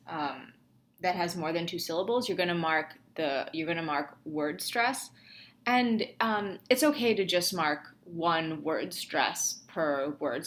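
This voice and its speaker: A woman's voice: lowish voice, a bit bright. A young woman instructor talking through a lab tutorial casually, thinking aloud with many ums and restarts. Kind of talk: screen-recorded lab tutorial.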